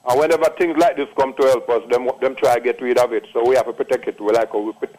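A man's voice: medium pitch, fairly even intonation, fast, a little mellow, rough recording. A man in his late sixties with a Jamaican accent, calling in to give an emphatic testimonial, repeating himself and slipping into patois. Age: late 60s. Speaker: caller. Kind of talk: phone-in testimonial.

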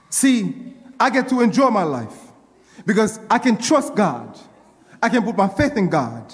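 A man's voice: high-pitched, very animated, unhurried, in a large hall. A male pastor preaching a sermon, repeating his lines and working himself up with call-and-response.

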